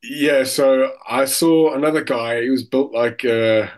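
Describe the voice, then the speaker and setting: A man's voice: medium pitch, measured pace. A man from South Africa with a South African accent, a guest telling anecdotes in a casual interview, often restarting his sentences. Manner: tells anecdotes with acted quotes, frequent restarts.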